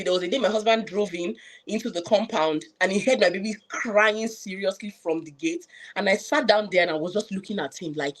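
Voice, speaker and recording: A woman's voice: medium pitch, brisk, hardly any pauses. A woman with a Nigerian accent, a public health professional, giving an earnest personal account on a live panel with frequent restarts and fillers. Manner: earnest, reflective, many restarts and "you know" fillers.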